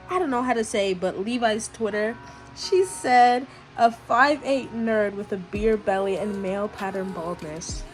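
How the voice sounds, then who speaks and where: Chatty young woman reacting to a book. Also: medium pitch. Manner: chatty, reacts loudly with gasps and laughs. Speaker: book vlogger. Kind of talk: casual reading vlog reactions.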